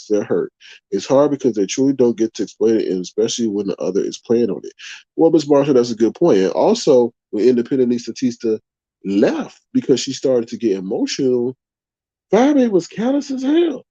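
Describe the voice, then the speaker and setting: A man hosts a live stream and talks casually to his viewers, reading out their comments and reacting with lively emphasis. His mid-pitched voice is dark and mellow. The sound is dull and lo-fi, with a dry, close feel and no room around it. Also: dry recording. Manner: casual, animated, addresses viewers as "y'all". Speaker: YouTube livestream host.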